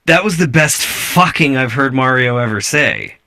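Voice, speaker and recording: A man's voice: medium pitch, lively intonation, normal speed, bright, forceful tone. A man hosting a casual podcast, amused and profane as he reviews videos and rambles. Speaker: podcast host.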